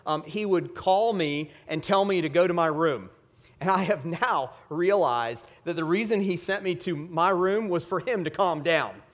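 Emphatic male pastor preaching. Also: fairly high pitch. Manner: emphatic, rising to loud stresses and dropping to quiet asides. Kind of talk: sermon.

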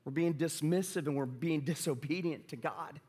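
Middle-aged pastor in a reverberant church. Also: male voice, normal speed, slightly rough. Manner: animated, acts out quoted lines with big pitch jumps. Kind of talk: sermon. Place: church sanctuary.

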